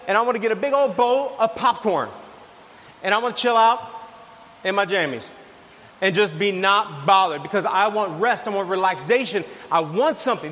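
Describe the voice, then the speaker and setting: A man preaching a sermon, telling a lively everyday story, then dropping to soft, low lines. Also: a little fast, in a large hall. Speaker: pastor.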